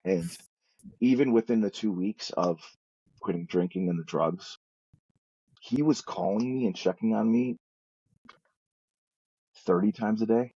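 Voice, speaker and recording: A man's voice: fairly low pitch, animated, a little slow, gravelly, pauses often, mellow, husky, dry recording, lo-fi sound. A man telling his story as a guest in a recovery talk, earnest and rambling, often restarting his sentences. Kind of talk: candid personal storytelling.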